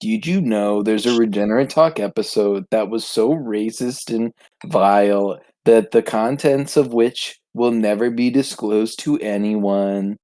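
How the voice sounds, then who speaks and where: A man's voice: on the low side, measured pace, dark tone, no echo. A man in a casual comedy podcast chat, giggly with rambling asides. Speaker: podcast co-host.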